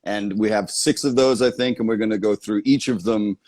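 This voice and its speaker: A man's voice: fairly low pitch, steady tone, a little fast, a little mellow, no room sound. A man hosting a music session livestream, explaining studio terms with enthusiasm, laughing and swearing casually. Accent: American. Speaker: host of a music session show. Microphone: video call.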